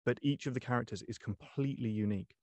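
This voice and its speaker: A young man, an audiobook narrator, talking through his craft in a casual interview, pausing often with ums and restarts. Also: medium pitch, a little mellow, dry recording, lo-fi sound. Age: young adult. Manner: thoughtful, many ums and restarts. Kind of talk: interview guest, casual talk.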